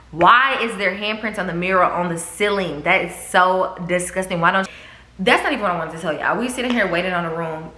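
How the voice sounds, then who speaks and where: A woman, telling a storytime vlog with swearing and acted-out quotes. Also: lowish voice. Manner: animated, swearing, acts out quotes. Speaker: vlogger. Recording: echoey room.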